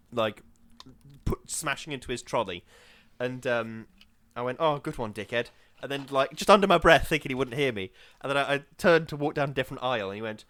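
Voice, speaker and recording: A young British man co-hosting a podcast in casual chat, chatty and quick to laugh. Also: medium pitch. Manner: chatty, laughs easily, lively voices in anecdotes. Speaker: podcast co-host.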